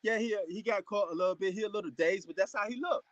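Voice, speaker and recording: A man giving a casual, excitable reaction commentary to a boxing match, repeating himself and using slang. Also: high-pitched, fast talker, no echo, lo-fi sound. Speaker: fight reaction host.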